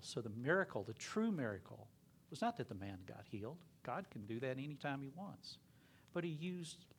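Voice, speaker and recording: Gravelly-voiced man preaching a story. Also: medium pitch, a little hiss or hum. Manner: earnest, dropping to a hushed whisper at emotional moments. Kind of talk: sermon storytelling.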